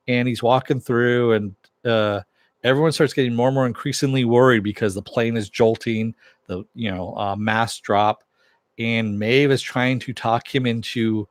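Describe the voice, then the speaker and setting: A man's voice: fairly low pitch, no echo. A man recapping a TV episode in a casual, rambling monologue, retelling scenes in quoted dialogue with plenty of swearing. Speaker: TV episode reviewer.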